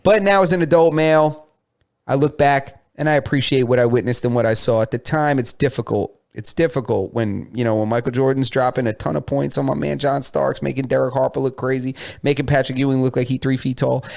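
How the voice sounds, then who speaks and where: A man's voice: mid-range voice, a little fast, creaky, darkish tone. A man co-hosting a podcast, chatting casually and laughing as he tells stories. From New York area. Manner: laughing, storytelling banter. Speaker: podcast co-host. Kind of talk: casual chat.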